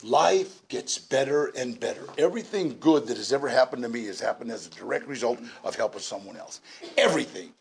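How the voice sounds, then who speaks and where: A man in his sixties telling his story at a recovery meeting, animated and laughing, with shouted bursts. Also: medium pitch, fairly quick, gravelly, slight background noise. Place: large indoor meeting room.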